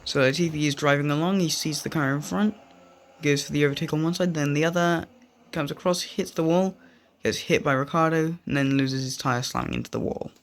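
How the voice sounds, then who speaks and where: A man's voice: on the high side, fairly even intonation, brisk. A young man giving casual, rambling commentary over racing game footage, often drifting off on tangents. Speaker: gaming video creator.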